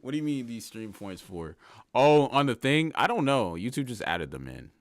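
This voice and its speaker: A man's voice: medium pitch, big pitch swings, normal speed, no echo, clean studio sound. A man livestreaming and chatting casually with his viewers, talking in slang, rambling and laughing often. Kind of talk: casual stream chat, reading chat aloud.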